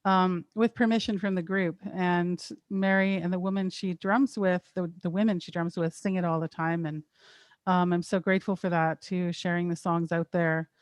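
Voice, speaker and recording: Woman host, low smooth voice, casual grateful intro, dry close sound. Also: fairly even intonation, normal speed, no echo.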